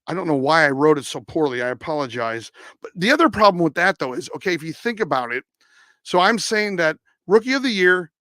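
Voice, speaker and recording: A man with a somewhat high voice chats casually through a sports live stream, answering viewers and tripping over player names. The sound is dry and close, with no room around it. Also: lively intonation, brisk, pushed and bright, no echo. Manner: rambling, self-correcting, stumbles over player names. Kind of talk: casual live-stream chat reading comments.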